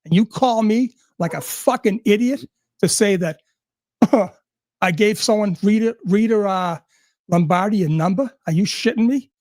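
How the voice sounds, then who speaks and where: A man's voice: high-pitched, normal speed, a little mellow, no echo, studio quality. A man ranting angrily and sarcastically, swearing at almost every turn. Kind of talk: profane rant.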